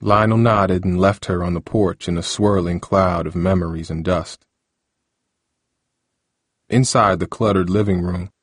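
A man narrating an audiobook in a steady, even storytelling voice. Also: low voice, dry recording, clean studio sound.

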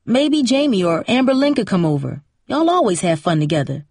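A woman's voice: medium pitch, very animated, brisk, darkish tone, no room sound, studio quality. A woman voicing an easygoing single mother who soothes her daughter casually. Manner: soothing, casual, endearing "baby".

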